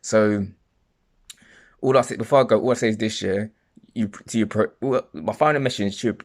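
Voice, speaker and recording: A man's voice: lowish voice, normal speed. A man from London with a London accent, ranting to camera in a heated, stumbling way, full of restarts and swearing. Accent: London English. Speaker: vlogger. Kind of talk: angry monologue to camera.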